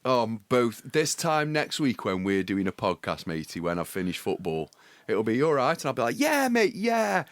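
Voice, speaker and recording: A man, chatting on a podcast and joking his way through stories. His voice sits a little low and sounds close and dry, with no room around it. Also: expressive, moderate pace, few pauses, no echo. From England. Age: 40s. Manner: jokey, storytelling, breaks into song. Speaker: podcast co-host. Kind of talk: casual chat.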